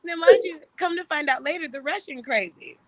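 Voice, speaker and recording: A woman, an interview guest, telling a story in casual, profane, animated talk and laughing often. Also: high voice, fairly quick, no echo.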